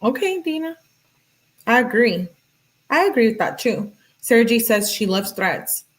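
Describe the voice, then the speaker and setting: A woman's voice: a little high, sing-song, measured pace, low-quality recording. A woman giving casual, earnest true crime commentary, talking in a chatty way with lots of "like". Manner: chatty, heavy use of "like"; earnest, emphatic. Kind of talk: casual commentary while reading texts.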